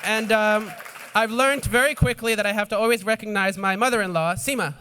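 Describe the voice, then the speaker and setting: A man introducing the next presenter at a charity gala, halting with many fillers, at a podium microphone. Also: sits high, steady tone, bright, forceful tone, a little hiss or hum. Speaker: charity executive director. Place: banquet hall. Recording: reverberant hall with crowd murmur.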